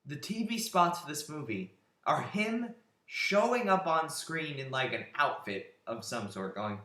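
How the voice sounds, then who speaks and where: A man's voice: a little high, very animated, unhurried, bright, forceful tone. A man giving a sarcastic, exasperated rant as an online movie reviewer. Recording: roomy echo.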